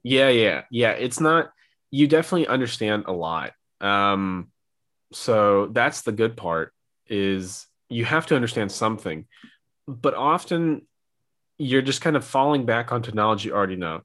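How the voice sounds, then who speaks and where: A man's voice: lowish voice, expressive, normal speed, fairly bright tone. A young man co-hosting a podcast, talking casually and rambling with lots of filler words. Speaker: podcast co-host. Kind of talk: casual chat.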